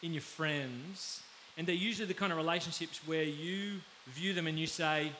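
A man with an Australian accent preaching a conversational sermon, often pausing to check in with his listeners. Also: fairly high pitch, bright, forceful tone. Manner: conversational, pauses to ask the audience. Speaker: pastor. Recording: faint background hiss.

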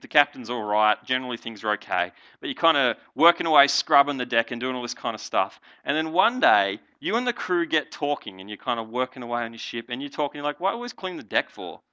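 A man giving a casual, chatty Bible talk to young listeners, full of "like" and "right?". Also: mid-range voice. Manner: chatty, animated, lots of "like" and "right?". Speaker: youth leader.

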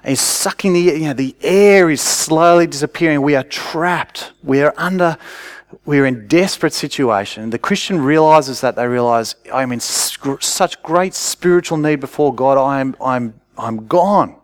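A man's voice: on the high side, normal speed, dry recording. A man preaching a sermon, telling stories in a conversational way and rising to urgent cries.

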